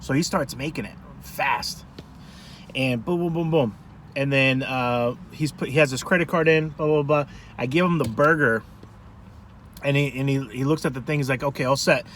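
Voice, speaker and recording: A man food vlogger telling a rambling, animated story to camera from a parked car. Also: medium pitch, normal speed, slight background noise. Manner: rambling, animated, self-interrupting.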